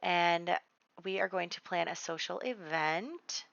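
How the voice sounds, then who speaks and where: A woman giving casual let's-play commentary, chatty and giggly, telling the story and quickly quoting the characters. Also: on the low side, vocal fry, fairly bright tone, no echo, highs cut off. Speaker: gameplay commentator.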